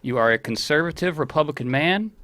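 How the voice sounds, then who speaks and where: A man's voice: on the high side, animated, fairly quick, a bit bright, dry recording. A man co-hosting a comedy talk show, making wry, teasing remarks. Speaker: co-host. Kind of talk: casual chat.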